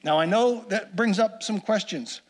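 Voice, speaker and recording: Earnest high-voiced male preacher. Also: moderate pace. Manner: earnest, repeats phrases for emphasis. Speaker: pastor. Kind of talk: sermon.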